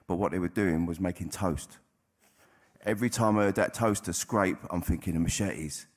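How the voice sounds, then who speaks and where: A man's voice: sits low, normal speed. A man giving a candid personal testimony to an audience, speaking bluntly and swearing freely. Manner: blunt, plain-spoken, with frequent swearing. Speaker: recovering addict sharing at a convention.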